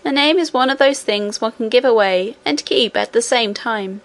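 A woman voicing an ancient, gentle queen and great-great-grandmother, speaking calmly and assuredly. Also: on the high side, normal speed.

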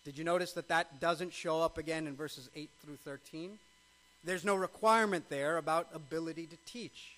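A man's voice: a little high, moderate pace, sharp tone, low-quality recording. A male pastor preaching a sermon, emphatic, with frequent rhetorical questions.

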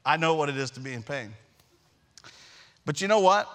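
A middle-aged man preaching a sermon, telling a personal story with animated, self-deprecating humor. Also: a little high, unhurried, long pauses. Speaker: pastor.

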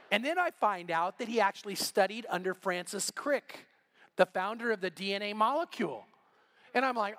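Casting: middle-aged male pastor, higher voice, animated sermon storytelling. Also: a little fast, creaky.

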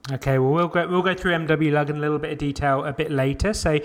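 Male podcast host, slightly higher voice, brisk and upbeat. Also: steady tone. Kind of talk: casual roundtable podcast hosting.

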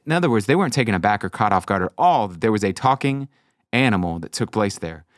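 A man hosting a casual faith podcast, animatedly telling stories and acting out quotes in high voices. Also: lively intonation, fast, dry recording, clean studio sound. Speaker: podcast host. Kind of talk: casual chat about faith.

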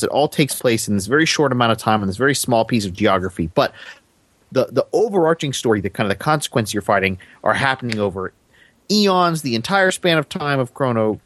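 A man's voice: medium pitch, fairly bright tone, no room sound. A man co-hosting a casual podcast chat, thoughtful and corrective, hedging with fillers. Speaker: podcast co-host.

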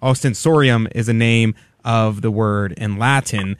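A man's voice: on the low side, measured pace. A man hosting a radio show, running a quiz in a joking, upbeat game-show manner. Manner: playful, joking, upbeat encouragement.

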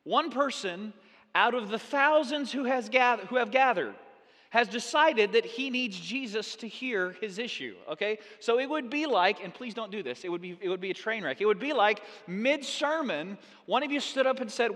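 A male pastor preaching a sermon in a church, animated and acting out the people in the Bible story. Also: very high-pitched, normal speed, in a large hall. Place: church sanctuary.

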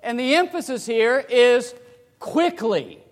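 A man preaching a sermon to his congregation. He swings between hushed, low passages and loud, emphatic cries. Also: expressive, measured pace, pauses often. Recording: reverberant hall.

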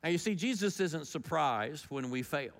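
A pastor preaches in an easygoing, conversational way, leaning into the story as his volume rises and falls. His voice is a little higher than most men's and moves at a moderate pace. A long echo rings around him, like in a large sanctuary.

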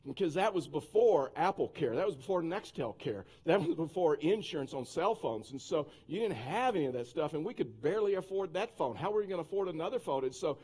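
A male pastor preaching a sermon, telling a personal anecdote in a lively, conversational way with many restarts and asides. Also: fairly high pitch, a little fast, hardly any pauses, breathy edge.

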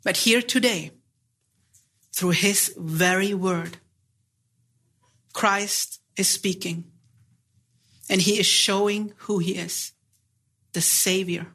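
Delivering a sermon, this high-pitched man speaks with a steady, sharp tone, earnest and deliberate as he pleads with rhetorical questions aimed at his listeners.

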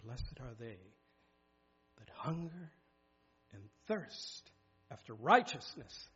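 A man's voice: mid-range voice, very animated, slow, a bit bright, breathy edge. A man preaching a sermon in a church, exhorting his hearers and reading scripture aloud with emphasis. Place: church sanctuary. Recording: dull lo-fi sound.

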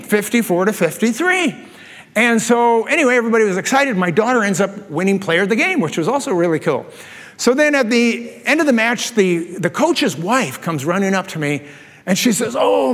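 A man preaching a sermon, telling animated stories and laughing at his own jokes. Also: high-pitched. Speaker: pastor. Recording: long reverb of a large hall.

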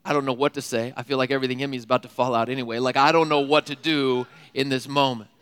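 A young man giving a sermon as a youth speaker, telling funny stories in an animated, laughing way with casual slang. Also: medium pitch, fast talker, smooth. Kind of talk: storytelling sermon. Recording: long hall reverb.

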